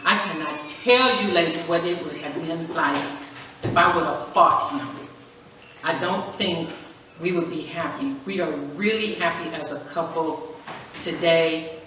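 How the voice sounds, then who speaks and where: A middle-aged Californian woman, guest speaker at a women's church breakfast, shares her personal testimony with lots of animation, acting out dialogue and laughing often. Her voice is low-pitched and a little slow. She's picked up from a distance in an echoey church hall, with faint background hiss.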